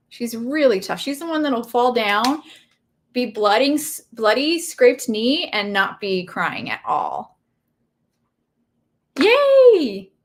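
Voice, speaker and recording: Chatty woman telling a story while crafting. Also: a little high. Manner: chatty storytelling, reads viewer comments aloud. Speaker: craft livestream host. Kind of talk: casual chat while crafting.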